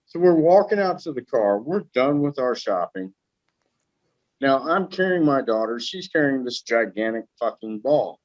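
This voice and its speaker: Podcast guest, male, lively swearing storyteller, dry lo-fi mic. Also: medium pitch, normal speed, no room sound. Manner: profane, animated anecdote telling.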